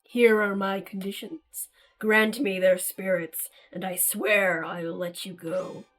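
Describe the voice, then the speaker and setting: A woman voicing a menacing male emissary from a dark realm, speaking in slow, ominous, drawn-out threats. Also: medium pitch, fairly even intonation, faint music behind, voice pushed down.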